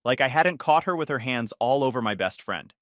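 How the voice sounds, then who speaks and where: Lively, dry-voiced male storyteller. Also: mid-range voice, fairly quick, no echo. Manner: casual, conversational, sarcastic asides. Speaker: story narrator. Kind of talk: first-person scripted story narration.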